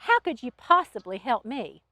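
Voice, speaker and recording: A woman's voice: a little high, big pitch swings, normal speed, pushed and bright, no room sound, exaggerated voice. A woman voicing Alex, a wary, heartbroken young innkeeper who speaks in a curt, suspicious way. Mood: accusing.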